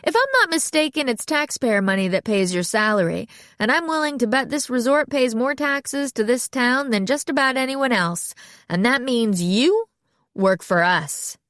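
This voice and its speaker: A woman's voice: a little high, animated, moderate pace, no echo, clean studio sound, voice pushed up. A woman voicing a blunt, fiery female chef who speaks curtly and sharply. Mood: indignant. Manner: curt, sharp, sniping.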